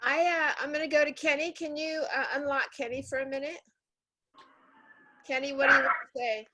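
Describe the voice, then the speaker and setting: A high-pitched woman hosts over a video call. She teases her guests and breaks into laughter. Her tone is playful and quick. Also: level tone, pushed and bright, poor audio. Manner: teasing, laughs often. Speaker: podcast host. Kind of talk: hosting a comedy panel.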